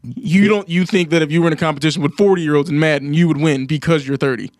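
A man's voice: on the high side, fairly even intonation, dry recording, studio quality. A young adult man hosting a sports radio show, joking with his co-hosts and wrapping up the broadcast. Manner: quick, joking, wraps up the show. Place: radio studio.

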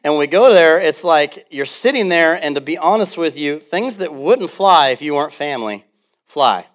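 A man's voice: fairly high pitch, normal speed. A man preaching a sermon as pastor, telling stories with laughter and acting out quotes. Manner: animated storytelling with laughs and acted-out quotes.

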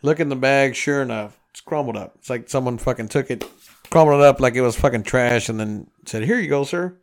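A man's voice: medium pitch, brisk. A man telling a rambling road-trip story in casual podcast chat, swearing freely and acting out the voices of everyone involved. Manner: profane, animated storyteller acting out dialogue.

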